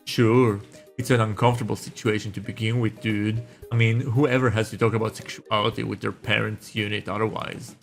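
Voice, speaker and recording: A man's voice: on the low side, flat delivery, fairly quick, gravelly, faint music behind. A man voicing a laid-back young stoner roommate who drawls and keeps saying dude, from a dating game. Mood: mellow. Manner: drawling, says dude a lot.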